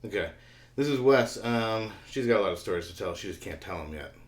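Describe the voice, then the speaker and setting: A man's voice: on the low side, animated, a little fast. A man hosting a storytelling show over a video call, joking and loose. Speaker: host. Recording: echoey room.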